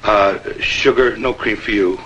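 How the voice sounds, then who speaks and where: A man's voice: fairly low pitch, steady tone, unhurried, a bit bright, muffled recording, slight background noise. An actor playing a confused, defensive counterman in a 1970s TV sitcom, hesitating over orders. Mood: muddled. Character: muddled touchy middle-aged counterman.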